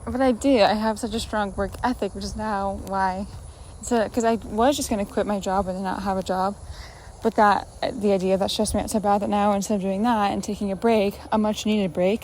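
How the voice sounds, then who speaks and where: A woman's voice: medium pitch, fairly even intonation, fairly quick, darkish tone, distant mic. A woman in her twenties vlogging in a casual, rambling, anxious way, often poking fun at herself. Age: 20s. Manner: rambling, self-mocking, anxious. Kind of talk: casual vlog chat. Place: room at home, moving around while working out. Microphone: phone camera, sometimes from across the room. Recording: echoey room with faint noise.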